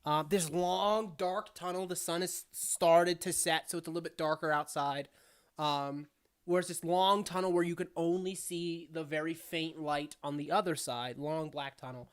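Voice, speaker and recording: A woman's voice: deep voice, steady tone, normal speed, clear, resonant tone. A woman narrating a tabletop game as game master in a casual, rambling way, full of fillers and frequent laughter.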